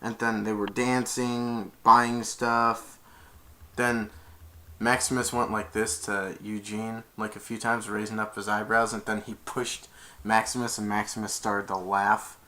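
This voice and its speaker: A man's voice: lowish voice, little pitch movement, unhurried, pushed and bright, a little hiss or hum. A man casually retelling a movie, rambling with many restarts. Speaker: movie reviewer.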